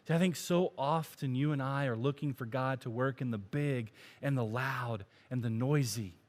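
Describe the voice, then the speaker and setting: A man's voice: mid-range voice, moderate pace. A male pastor giving a sermon, climbing to emphatic peaks and dropping to near whispers.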